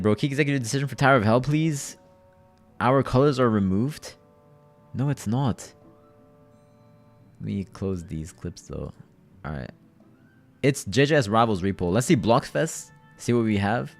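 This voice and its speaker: A man's voice: mid-range voice, expressive, moderate pace, pauses often, soft background music. A man hosting a livestream, chatting casually with viewers in loose slang and often repeating his phrases. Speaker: livestream host.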